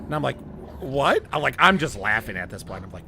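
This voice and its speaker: Gravelly man rambling through a story. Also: mid-range voice, sing-song, normal speed, sharp tone, a little hiss or hum. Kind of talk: casual storytelling chat.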